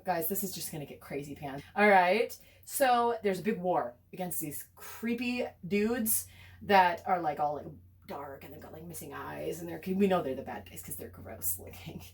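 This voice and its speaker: A woman's voice: medium pitch, far from the mic, a little hiss or hum. An American woman casually recapping a film, chatty and sarcastic, with many fillers and whispered asides. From United States. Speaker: teacher explaining a film.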